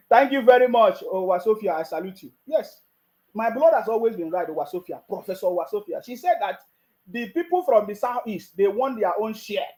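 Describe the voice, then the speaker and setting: A man's voice: high-pitched, darkish tone, rough recording. A Nigerian man giving mocking political commentary, laughing often and repeating his taunts.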